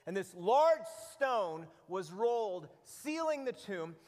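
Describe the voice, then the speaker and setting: Animated male preacher in an echoey hall. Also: high-pitched, slow. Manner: animated storytelling with many repeated words. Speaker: pastor. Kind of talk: sermon.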